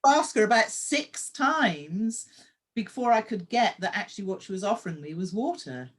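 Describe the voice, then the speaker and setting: A woman's voice: mid-range voice, animated, moderate pace. A woman hosting a conversation, affirming her guest and sharing her own stories. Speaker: host and story coach. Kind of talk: casual interview conversation.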